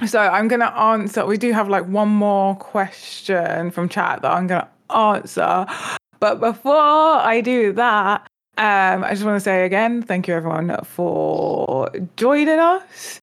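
Upbeat woman host, fry in the voice, livestream panel. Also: medium pitch, unhurried, soft background music. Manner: upbeat, asks questions, reads chat. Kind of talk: casual livestream hosting.

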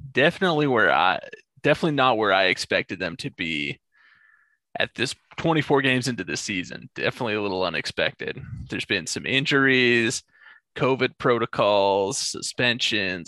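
A male podcast host chatting casually about sports. His voice is bright and forceful and swings widely in pitch, and the close mic makes it sound dry and up front. He tells stories with lots of animation. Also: no echo. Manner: animated storytelling, laughs often.

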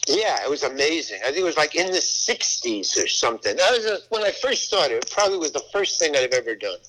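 A man's voice: on the high side, big pitch swings, brisk, a bit bright, low-quality recording. An older male actor and comedian telling a long rambling anecdote, acting out the voices of the people in it. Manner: rambling storyteller, acts out voices in quotes, many restarts.

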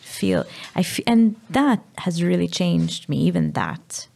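A Maltese-accented woman, a mother talking candidly about her sick child, pausing and searching for her words. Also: on the low side, wildly swooping pitch, vocal fry, a little mellow. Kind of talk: candid emotional conversation.

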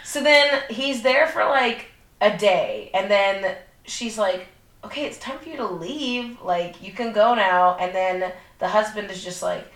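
A young woman co-hosts a podcast, retelling a movie plot in casual, profane chat packed with fillers. Her mid-range voice moves a little slowly, and her storytelling is animated. The room sounds echoey.

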